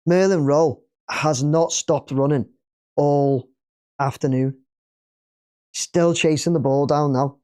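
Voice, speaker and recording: A man's voice: a little high, fairly even intonation, slow pace, pauses often, warm tone, smooth. A man with an English accent hosting a live football watch-along, chatting casually and cheering at the play.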